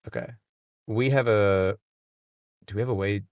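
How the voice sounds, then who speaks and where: A very deep-voiced man talks as a player in a tabletop game, animated and quick to laugh. His voice sounds dry and close, with no room around it. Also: no room sound.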